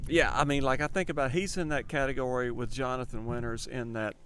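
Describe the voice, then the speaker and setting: An easygoing male co-host in casual podcast chat, quick with a joke. His voice sits at a middle pitch. Faint noise hums behind him. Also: steady tone, a bit bright.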